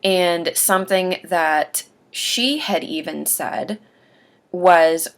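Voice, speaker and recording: A woman talking earnestly about getting used to dentures, pausing between phrases as she gives advice. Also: fairly low pitch. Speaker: host sharing denture aftercare advice. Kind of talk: casual instructional talk.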